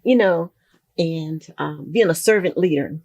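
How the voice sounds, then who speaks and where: An older woman speaks in a low, slightly husky voice. She tells her stories at an easy conversational pace. Now and then she acts out bits of dialogue. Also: unhurried, no room sound, muffled recording. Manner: warm storytelling, acts out quoted dialogue. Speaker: guest. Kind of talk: casual interview conversation.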